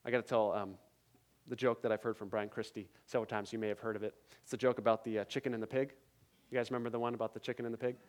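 A man's voice: fairly low pitch, flat delivery, very fast. A male pastor preaching a sermon at a church service, emphatic, with repeated phrases and rhetorical questions to the congregation.

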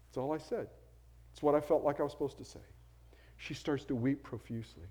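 A middle-aged man, a pastor, telling stories in a sermon in a conversational way, going soft and low when he quotes people. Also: fairly quick. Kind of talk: storytelling sermon.

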